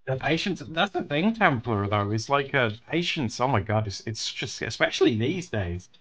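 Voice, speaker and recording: A man's voice: mid-range voice, sing-song, moderate pace, fairly bright tone. A man streaming while he draws, chatting casually with viewers, thanking them and telling stories with plenty of laughter. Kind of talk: casual chat while drawing.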